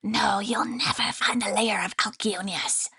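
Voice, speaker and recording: A woman's voice: medium pitch, fairly even intonation, a little slow, creaky, sharp tone, husky, full character voice. A woman voicing a sinister male grain spirit in an audiobook, speaking in a hissing whisper. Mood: sinister, gloating.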